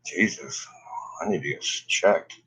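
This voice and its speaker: A man's voice: deep voice, unhurried, fairly bright tone, husky, rough recording. A stoned man, coughing often, rambling in a laid-back, profane way during a casual cannabis vlog session. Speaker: cannabis vlogger. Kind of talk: casual smoking session chat.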